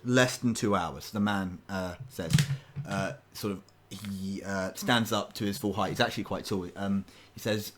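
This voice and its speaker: A man's voice: low-pitched, steady tone, a little slow, few pauses, a bit bright. A man narrating as game master of a tabletop role-playing game, rambling with many fillers and restarts.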